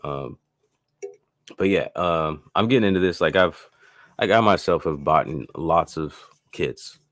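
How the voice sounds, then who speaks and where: Man, extremely deep voice, dry close sound, relaxed live-stream tutorial host, rambling with many fillers. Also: a little slow, dry recording. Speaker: beat maker hosting a live stream.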